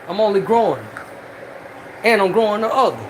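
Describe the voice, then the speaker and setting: A home cook films dinner in their kitchen, firing hyped, slangy exclamations straight at the chat. The voice sits mid-pitch but leaps up and down with lively swings. A fan hum and steady noise run under the whole recording. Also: brisk. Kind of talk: excited cooking vlog, talking to the chat.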